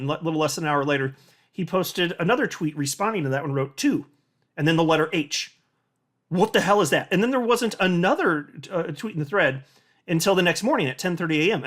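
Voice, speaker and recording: A man's voice: on the high side, fairly bright tone. A man giving a ranting, sarcastic commentary as a crypto video host.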